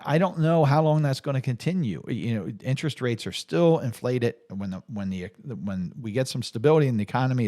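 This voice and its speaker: A middle-aged man, a financial planner, explaining things in an unscripted, conversational way, with frequent restarts and fillers. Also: darkish tone. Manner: conversational, many restarts and fillers, pitch rising on emphasis. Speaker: financial planner hosting an advice video.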